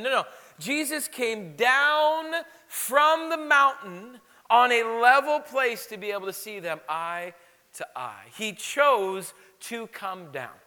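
Animated pastor in a reverberant hall. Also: male voice, very high-pitched. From Illinois. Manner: animated storytelling, lively exclamations. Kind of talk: sermon.

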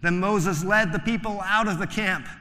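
A man preaching a sermon in a relaxed, joking, conversational way, acting out the voices in the stories he tells. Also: high voice, moderate pace. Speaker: pastor. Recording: long hall reverb.

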